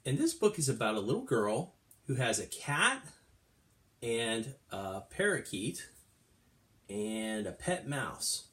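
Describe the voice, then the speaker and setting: A middle-aged man teaching kindergarten, reading a storybook aloud in an animated, sing-song way. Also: mid-range voice, slow pace. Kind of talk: storytime lesson for young children.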